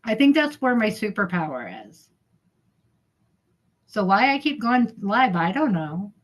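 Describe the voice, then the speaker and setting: A woman's voice: medium pitch, big pitch swings, unhurried. A middle-aged woman chatting casually on her livestream, heckling and giggling as she reads viewers' comments. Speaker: livestream host.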